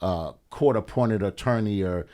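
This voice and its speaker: A middle-aged man, a podcast guest, telling a story in a casual, animated and profane way, often acting out the voices of people he quotes. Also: on the low side, unhurried.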